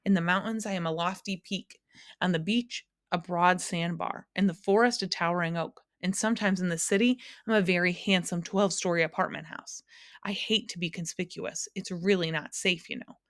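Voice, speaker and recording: A woman's voice: lowish voice, fairly even intonation, normal speed, dry recording, studio quality, close to an everyday voice. A woman reading aloud and voicing a nervous, shapeless male giant who hedges everything he says. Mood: fretful. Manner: hedging, roaring then fretful.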